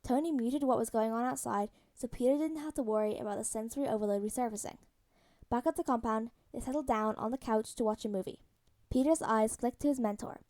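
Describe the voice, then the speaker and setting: A woman reading fan fiction aloud as a podfic in a soft, even storytelling manner. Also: a little high. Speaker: podfic reader.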